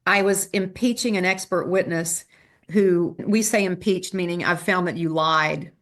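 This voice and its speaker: A woman trial lawyer, a podcast guest, telling stories with quick asides and restarts. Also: lowish voice, steady tone.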